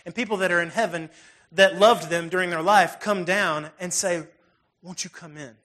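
A man with a notably high voice preaches a sermon in an easygoing, conversational manner. He talks plainly and earnestly, like a pastor speaking straight to his congregation. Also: fairly even intonation, normal speed, pushed and bright.

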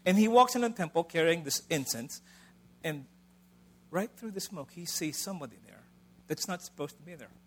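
A middle-aged man delivers a sermon in a relaxed, conversational manner. His voice sits a little high for a man. He pushes key phrases out loudly, then drops to soft, near-hushed asides. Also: moderate pace, slight background noise. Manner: conversational, swings between loud emphasis and soft asides. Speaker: preacher.

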